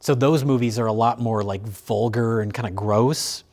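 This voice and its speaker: A man's voice: medium pitch, moderate pace, darkish tone. Rambling man reviewing films. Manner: rambling, many fillers and restarts, laughs easily. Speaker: film review show host. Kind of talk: casual film review chat.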